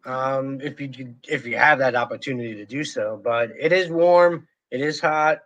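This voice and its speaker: A man's voice: mid-range voice, moderate pace, fairly bright tone. A middle-aged man co-hosting a casual livestream, easygoing and reading out viewer comments. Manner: easygoing, chatty, reads viewer comments aloud. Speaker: livestream co-host.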